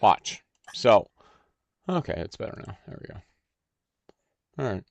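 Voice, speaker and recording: A man hosts a laid-back livestream and talks his way through the work at an unhurried pace. His voice has a gravelly edge. He trails off and restarts as he thinks aloud, and the sound is close and dry. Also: on the low side, big pitch swings, a little mellow, no room sound. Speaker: stream host. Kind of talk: casual livestream chat while designing cards.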